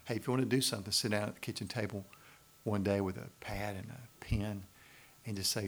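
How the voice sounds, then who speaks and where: Gravelly Southern preacher. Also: male voice, lowish voice, steady tone, normal speed, long pauses, a bit bright, a little hiss or hum. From Macon, Georgia, US South. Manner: conversational, pleading, asks the audience rhetorical questions. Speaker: pastor. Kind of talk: sermon.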